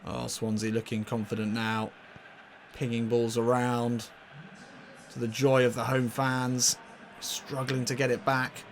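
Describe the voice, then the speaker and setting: A man commentating casually on his own football video game match, getting loudly excited and laughing at near misses. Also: mid-range voice, a little slow, a little hiss or hum. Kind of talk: casual let's-play commentary.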